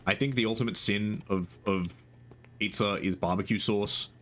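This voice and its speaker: A man's voice: fairly low pitch, steady tone, normal speed, fairly bright tone. A young man streaming live, chatting casually and rambling with frequent restarts and casual swearing.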